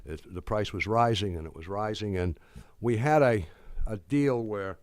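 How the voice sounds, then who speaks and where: An older man giving a talk to an audience, telling a story in a halting, wry way with many restarts. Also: fairly low pitch, a little mellow, no room sound, studio quality.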